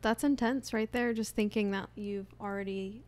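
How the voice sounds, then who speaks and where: A woman hosts a casual podcast, dropping in short, reflective remarks. Her voice is mid-pitched and even, with little rise and fall. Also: normal speed. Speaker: podcast host. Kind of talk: casual conversation.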